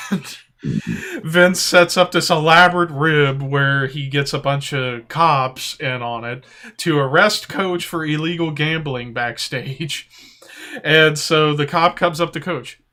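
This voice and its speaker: A man co-hosting a podcast, telling stories in a casual chat, animated and often laughing as he acts out voices. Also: a little high, slow. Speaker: podcast co-host.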